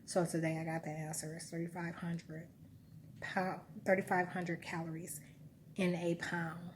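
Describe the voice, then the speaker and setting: A woman with a fairly low voice talks to her camera in a loose, rambling monologue. She muses aloud and corrects herself mid-thought, with a faint hiss of background noise. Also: little pitch movement, a little slow. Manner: musing, self-correcting, recounting memories. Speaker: vlogger.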